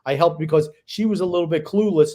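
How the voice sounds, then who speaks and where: A middle-aged man trading blunt, teasing stories on a casual podcast. His voice sits a little higher than most men's. He talks like a father ribbing his grown kids. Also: fast talker, mellow. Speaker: co-host, father.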